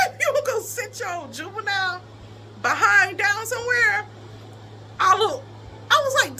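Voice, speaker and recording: A young adult woman in casual storytelling chat, animated, often laughing and breaking into high squeals. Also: slight background noise. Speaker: vlogger telling a personal story.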